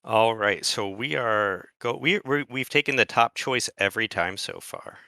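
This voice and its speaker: A man co-hosting a podcast in casual chat, talking slowly and deliberately with hesitant restarts. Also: lowish voice, vocal fry, pushed and bright, smooth, no echo, clean studio sound. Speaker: podcast co-host.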